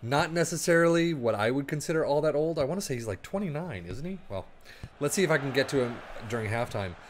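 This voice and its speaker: A man casually commenting on his own football management game as he plays, thinking aloud and breaking into quick play-by-play. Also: on the high side, animated, slight background noise. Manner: chatty, rambling, thinks aloud, bursts into play-by-play. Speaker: gaming YouTuber.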